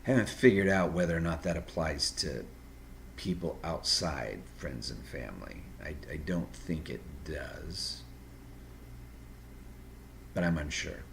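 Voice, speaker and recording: Low-voiced male host, unscripted and direct, earnest advice with halting restarts; slight background noise. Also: expressive, creaky. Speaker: video host giving personality-type advice.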